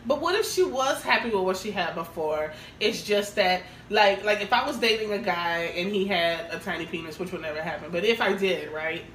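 A woman's voice: mid-range voice, expressive, fairly quick, few pauses, fairly bright tone. A woman co-hosting a podcast in casual chat, frank and crude, often laughing as she tells stories. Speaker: podcast co-host. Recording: roomy, distant mic with faint hiss.

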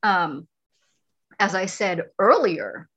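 A woman reading her own poem aloud, then chatting about it in a halting, measured way. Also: medium pitch, animated, a bit bright. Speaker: poet and guest. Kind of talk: poetry reading and casual chat.

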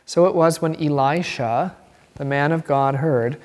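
A man teaching a bible class, animated and chatty, quizzing the class and laughing as he reads aloud. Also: on the high side, a little slow, long reverb tail. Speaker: catechism teacher.

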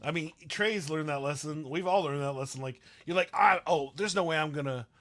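A man's voice: a little high, fairly quick, a bit bright. A man co-hosting a casual live-stream chat, candid and self-deprecating, laughing often as he talks. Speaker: co-host and beatboxer.

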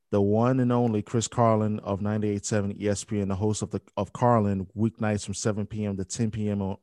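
A young man hosting a podcast, speaking a halting, grief-filled dedication with many restarts. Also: lowish voice, a little mellow, dry recording. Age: young adult. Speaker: podcast host. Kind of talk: emotional spoken dedication.

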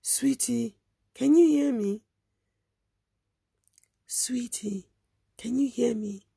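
A woman voicing a calm adult female rescuer who speaks softly and pleadingly, half in a whisper. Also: a little high, slow, creaky, slightly rough, no room sound, clean studio sound, heavily acted. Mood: gently coaxing.

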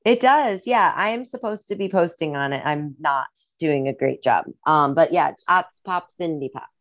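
A woman's voice: deep voice, moderate pace, dry recording. A young woman with a Midwestern accent, chatting casually and a little rambling as a guest on a podcast. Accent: Midwestern American. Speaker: musician and guest.

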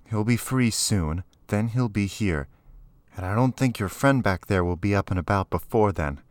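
A man's voice: lowish voice, lively intonation, moderate pace, no echo, voice pushed up, natural voice. A man reading aloud, voicing a hostile, scornful rebel teenage boy. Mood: menacing.

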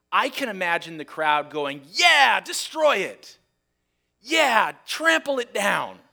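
A man preaching a sermon, reading scripture aloud dramatically and acting out the voices of a shouting crowd. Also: high voice. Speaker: pastor.

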